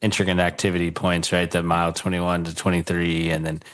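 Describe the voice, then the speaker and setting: A man's voice: deep voice, flat delivery, a little fast, fairly bright tone. A man hosting a podcast interview, talking casually with a lot of fillers and reactions. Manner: casual, laughs often, many fillers like dude and uh. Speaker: podcast host. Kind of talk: conversational interview.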